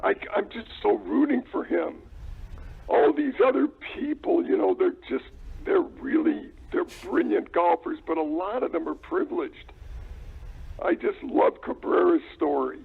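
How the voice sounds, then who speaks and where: A man's voice: sits high, animated, a little slow, gravelly. A man calling in by phone to a comedy show, needling and interrupting the hosts with mock indignation. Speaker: phone-in guest. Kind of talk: comedic banter over a phone call. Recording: tinny phone line with faint noise.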